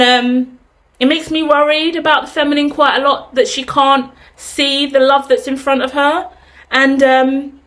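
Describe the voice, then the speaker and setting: A woman gives an intuitive tarot reading, wandering off on loose tangents and dropping casual swears. Her voice sits fairly high, and she talks in an unhurried, chatty way. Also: fairly bright tone. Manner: rambling, casual swearing, laughs at own tangents. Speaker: tarot reader.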